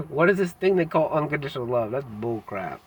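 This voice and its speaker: A man in a candid personal vlog monologue, talking in a halting, reflective way with frequent pauses and fillers, blunt and self-critical with casual slang. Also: a little high, lively intonation, breathy edge. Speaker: vlogger.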